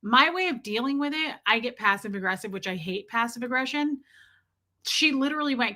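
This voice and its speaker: A woman in her forties chats on her live stream in an animated, exasperated way. Her voice sits a bit high and sounds bright and forceful. She tells stories casually and keeps greeting her viewers. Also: moderate pace.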